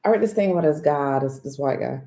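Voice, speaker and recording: A woman's voice: low-pitched, lively intonation, fast talker, dark tone. A woman hosting her channel, chatting casually and candidly with viewers, telling stories with frequent laughs and blunt, profane asides. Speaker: spiritual reader and channel host. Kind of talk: casual storytelling chat to viewers.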